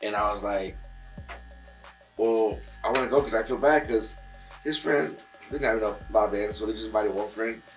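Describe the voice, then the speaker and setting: A man's voice: on the low side, normal speed, faint music behind, poor audio. A man, a guest musician in casual chat in a barbershop, telling a long story with many fillers and restarts.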